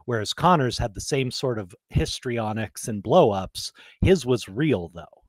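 A man's voice: medium pitch, animated, unhurried, no room sound. A man co-hosting a podcast, telling stories in an emphatic, conversational way. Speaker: podcast co-host. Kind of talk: casual chat.

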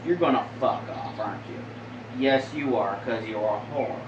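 A man's voice: medium pitch, moderate pace, dull audio, noisy background. Crude, rambling young man, roomy sound. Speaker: host. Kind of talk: casual stoned commentary.

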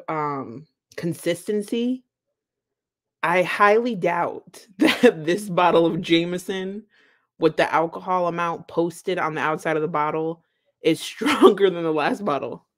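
Woman live-stream reactor, somewhat low voice, chatty and emphatic, frequent laughter. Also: unhurried.

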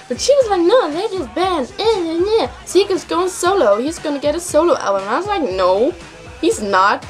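High-pitched gushing young woman. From Netherlands. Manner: gushing, repeats words for emphasis. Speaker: K-pop fan vlogger. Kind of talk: excited casual vlog. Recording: faint music behind voice.

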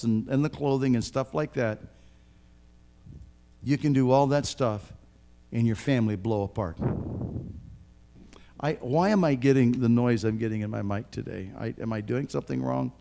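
A man in his sixties preaching a sermon as pastor, earnest and emphatic, speaking straight to his listeners and swinging from hushed to loud. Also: mid-range voice, creaky. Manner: addresses listeners directly.

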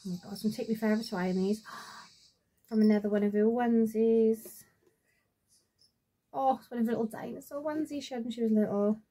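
A woman's voice: a little high, steady tone, a little fast, pauses often, mellow. Chatty woman showing crafts. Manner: chatty and rambling, with many fillers and trailing asides. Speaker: crafter showing her sewing projects. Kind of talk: casual show-and-tell vlog. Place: at home.

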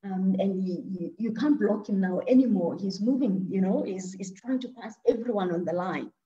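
Leading an interactive online talk, a woman asks her audience questions and often repeats words while thinking aloud. Her medium-pitched voice is mellow and moves at a normal speed, with lo-fi sound.

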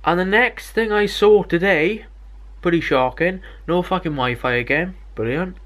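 A man's voice: high-pitched, normal speed, fairly bright tone. Sweary, rambling young British man. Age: young adult. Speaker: vlogger. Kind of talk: casual storytime vlog.

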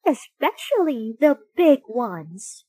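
A woman's voice: sits high, big pitch swings, takes it slowly, mellow, no echo, heavily acted. A woman reading a children's picture book aloud, voicing a worried female neighbor who frets over her small dog. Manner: fretful, anxious.

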